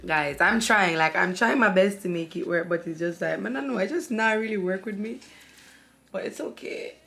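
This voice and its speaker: Woman, beauty vlogger, casual to-camera chat, candid, talkative, medium pitch. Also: moderate pace, vocal fry, pushed and bright, faint music behind. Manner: chatty and candid, addresses viewers as guys, frequent fillers.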